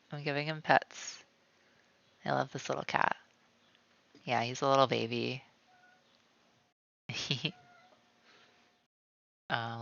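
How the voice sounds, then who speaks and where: A man's voice: mid-range voice, creaky, a bit bright, highs cut off. A man streaming from home while he draws, rambling casually with lots of "like" and calling himself by name in the third person. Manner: rambling, many "like" fillers. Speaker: streamer drawing live. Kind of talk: casual chat while drawing. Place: at home, cat nearby.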